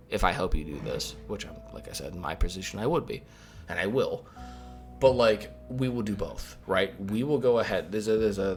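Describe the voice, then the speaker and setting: A man with a fairly low voice talks through a stream update in loose, rambling chat. He gets animated, throws in a swear or two, and answers viewers as he goes. Faint music plays quietly behind him. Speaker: mod developer hosting a stream update. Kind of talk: casual livestream chat.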